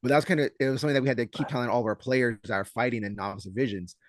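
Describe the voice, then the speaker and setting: A man co-hosting a casual podcast as a judo coach, telling stories in an animated way and acting out what others said. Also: medium pitch, racing, dry recording, studio quality. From Southern California. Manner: animated storyteller, acts out quotes loudly.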